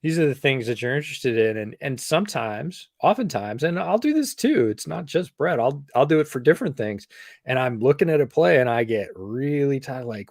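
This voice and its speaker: A man co-hosting a podcast in casual chat, explaining points in a measured way and repeating them for emphasis. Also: medium pitch, expressive, no echo, studio quality. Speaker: podcast co-host.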